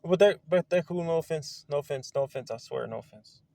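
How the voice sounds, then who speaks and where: A man in a casual, rambling monologue outdoors, excitable and wandering, swearing now and then. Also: on the high side, a little fast, gravelly, no echo. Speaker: video creator. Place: outdoors among trees.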